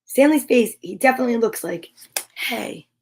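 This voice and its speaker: A woman's voice: on the high side, a little slow, a little hiss or hum. A woman hosting storytime, reading a picture book aloud with playful, chatty asides. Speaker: storytime host.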